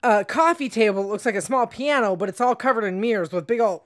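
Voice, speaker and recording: A woman's voice: fairly high pitch, fast. A woman stand-up comedian telling a story as a podcast guest, in a blunt, profane way. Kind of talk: casual storytelling.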